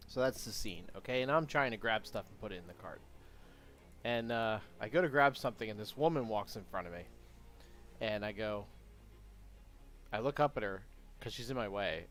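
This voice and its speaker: A man live-streaming his game programming, chatting casually and talking to himself, with sudden excited outbursts. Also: fairly low pitch. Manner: rambling, self-talk with sudden excited outbursts. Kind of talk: casual live-stream chat while coding.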